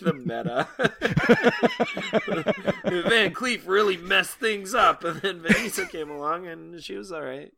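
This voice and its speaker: Male podcast co-host, high and slow, dry wit, crowd noise behind. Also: wildly swooping pitch, gravelly. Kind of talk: casual chat.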